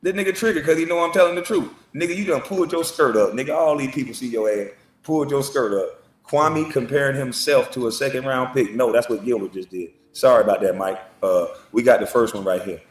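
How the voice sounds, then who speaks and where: A man's voice: medium pitch, fairly quick, roomy sound, far from the mic, a little hiss or hum. A man trash-talking in mocking video commentary, taunting his critics. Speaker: online commentator.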